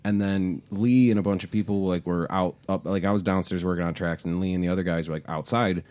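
A man's voice: deep voice, fairly even intonation, quick pace, a little mellow. A man hosting a podcast, telling rambling stories in casual chat and swearing a lot. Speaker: podcast host.

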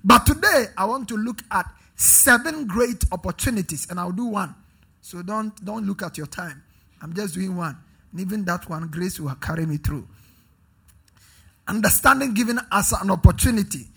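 A man preaching a sermon in a church service, leading call-and-response with the congregation and building up to emphatic shouts. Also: high-pitched, animated, moderate pace, gravelly, husky. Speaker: pastor.

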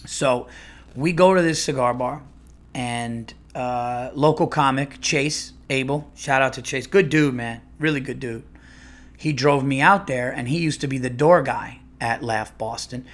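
A man's voice: mid-range voice, measured pace. A man, a comedian and podcast host, telling a rambling, profane story with many restarts. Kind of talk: casual storytelling monologue.

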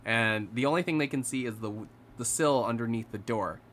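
Man telling a ghost story, voice dropping hushed. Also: medium pitch, fairly quick, a little hiss or hum. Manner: animated, acts out the characters' lines, drops to a hushed voice for tense moments. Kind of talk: casual storytelling among friends.

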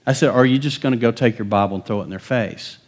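A middle-aged male pastor preaches in a folksy, conversational way, with his pitch sitting in the middle range. He spins stories and acts out the voices of the people in them. Soft chuckles run through his talk. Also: quick pace. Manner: folksy, chuckles often, acts out quoted dialogue. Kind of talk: sermon with storytelling.

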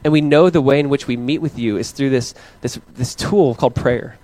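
A man in his thirties preaching a casual, story-driven sermon as pastor, animated and playful as he recounts family moments. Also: normal speed. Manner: animated storytelling, acting out his kids in high voices. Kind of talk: conversational sermon.

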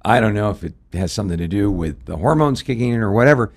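A middle-aged pastor with a lowish, slightly rough voice talks fast and expressively. On a ministry radio discussion he comes across folksy, sharing anecdotes and quoting scripture.

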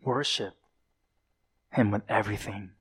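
Slow-speaking male preacher delivering a sermon. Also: on the low side, fairly even intonation, breathy edge. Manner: dramatic, dropping to whispers for voiced quotes; fillers and self-corrections.

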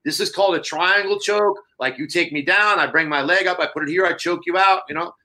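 Cheery grappling coach, friendly and bright, put on by a man telling a story. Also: high voice, a little fast, voice pushed up, full character voice. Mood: cheerful. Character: jovial grown male jiu-jitsu instructor.

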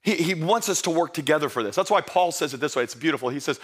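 A man preaching a humorous sermon, telling the story playfully and acting out the characters in hushed asides. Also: lively intonation, quick pace. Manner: playful storytelling, acts out disciples in low hushed voices. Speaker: pastor.

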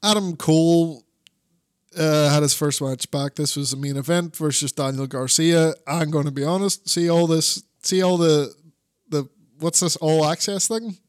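A man's voice: fairly high pitch, fairly even intonation, normal speed, no echo, studio quality. A man co-hosting a podcast, chatting casually and rambling about wrestling, swearing and laughing often. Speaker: podcast co-host.

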